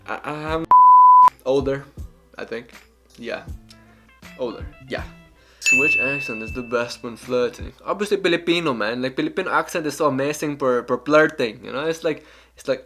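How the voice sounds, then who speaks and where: Young male vlogger, gravelly, loose and joking, faint music bed. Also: mid-range voice, normal speed, pushed and bright. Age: young adult. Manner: candid, joking, rambling. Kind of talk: casual Q and A vlog.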